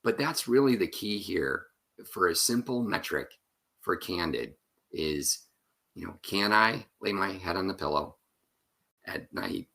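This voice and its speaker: A man speaking as a keynote speaker and author, giving a conference talk and telling stories in quick, animated bursts. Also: low-pitched, gravelly. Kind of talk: conference talk over video.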